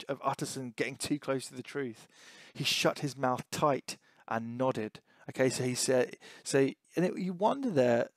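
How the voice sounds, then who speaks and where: A man's voice: mid-range voice, no room sound. A male teacher reading a novel aloud and commenting on it line by line, thinking aloud and asking questions as he goes. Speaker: English teacher.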